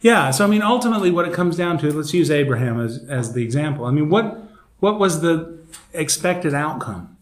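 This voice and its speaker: Animated man leading a church Bible study. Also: fairly high pitch, a little fast, a little hiss or hum. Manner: animated, laughs often, acts out quotes. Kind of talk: casual teaching in a group discussion. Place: church meeting room. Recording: echoey room recording with group chatter.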